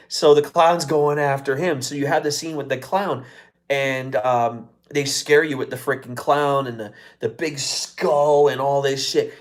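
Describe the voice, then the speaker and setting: An American man hosting a live show, talking casually and excitedly, with heavy swearing and many fillers. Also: a little high. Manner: excitable, profane, lots of fillers. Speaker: podcast host. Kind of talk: casual live-stream chat.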